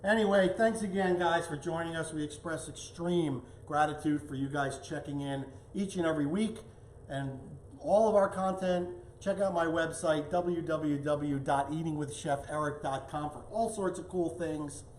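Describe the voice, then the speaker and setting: A man's voice: a little high, moderate pace, a little mellow, echoey room, slight background noise. A man hosting a casual cooking demonstration in his home kitchen, chatting as he plates and tastes the food. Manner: chatty, talks while tasting and plating. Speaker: cooking show host.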